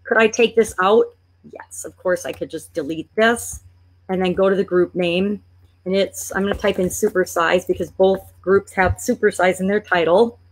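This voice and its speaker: A woman's voice: mid-range voice, steady tone. Chatty woman narrating a screen-share tutorial. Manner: chatty, thinking aloud while clicking; playfully exasperated at a slow computer. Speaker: online business coach.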